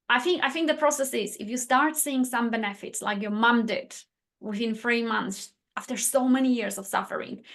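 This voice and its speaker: A woman who speaks as a hosts the interview with eager, emphatic delivery. She repeats key words for weight, and her voice sits a little high. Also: a bit bright. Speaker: nutritionist host. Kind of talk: interview host.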